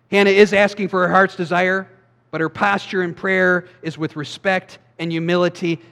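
A man giving a sermon as a pastor, preaching in a conversational way with quick asides. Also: sits high, fairly bright tone, big-room sound.

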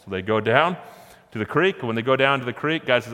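Lively preacher in an echoey hall. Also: male voice, medium pitch, a little fast. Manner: lively, conversational, chuckling asides. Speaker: pastor. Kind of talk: sermon storytelling.

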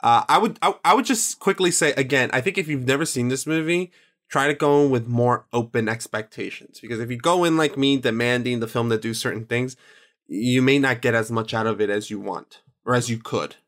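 A man's voice: medium pitch, a little fast, fairly bright tone. Earnest man co-hosting a chat. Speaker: podcast co-host. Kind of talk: casual chat.

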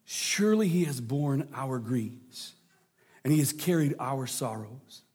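A man preaching a sermon, dropping into low hushes and rising into emphatic lines, with jokey asides to the congregation. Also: expressive, slow pace, husky. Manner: dramatic drops to a low hush, then rising emphasis. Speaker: pastor.

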